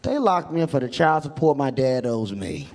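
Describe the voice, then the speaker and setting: A young man doing a stand-up set on a comedy club stage, animated storytelling with loud bursts, on a handheld mic. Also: mid-range voice, normal speed, heavy background noise.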